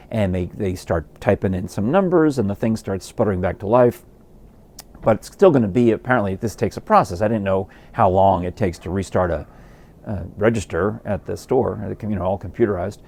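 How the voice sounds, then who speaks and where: A man's voice: lowish voice, dark tone. A man hosting his podcast from a porch at home, telling amused, rambling stories with plenty of fillers. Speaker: podcast host. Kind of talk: casual storytelling.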